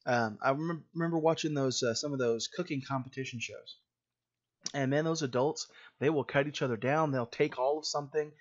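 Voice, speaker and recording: A man's voice: medium pitch, fairly quick, dull audio. A man preaching a sermon in a plain conversational way, with frequent fillers and restarts.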